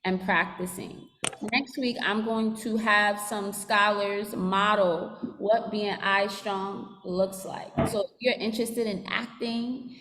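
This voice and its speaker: A school social worker talking students through behavior expectations in a teacherly way, asking them to repeat phrases and write in journals. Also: female voice, medium pitch, fairly even intonation, slow pace, a bit bright, long reverb tail. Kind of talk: school assembly talk to students.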